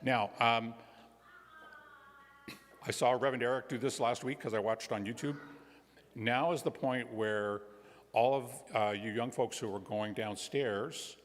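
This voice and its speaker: A male guest minister telling a children's story during a church service, gentle and playful, with pauses. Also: mid-range voice, fairly even intonation. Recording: long reverb of a large hall.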